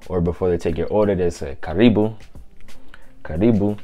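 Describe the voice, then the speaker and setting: A man giving a casual vlog language lesson, repeating words slowly for pronunciation in a chatty, loose way. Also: low voice, warm tone, soft background music. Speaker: language teacher vlogger.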